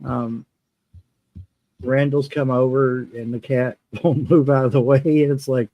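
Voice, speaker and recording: A man's voice: medium pitch, steady tone, a little slow, muffled recording. A man hosting a live chat, telling stories with frequent chuckles. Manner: chuckling storyteller. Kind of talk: casual chat.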